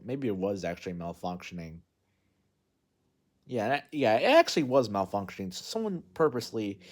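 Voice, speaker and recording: Man, lowish voice, loose unscripted movie recap, rambling with lots of fillers and restarts. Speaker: movie vlogger.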